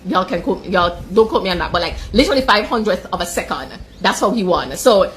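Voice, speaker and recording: A woman's voice: lowish voice, lively intonation, a bit bright, slight background noise. Chatty woman, emotional. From Jamaica. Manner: emotional, chatty, peppered with "like", quick laughs. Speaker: sports reaction commentator. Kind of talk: casual chat.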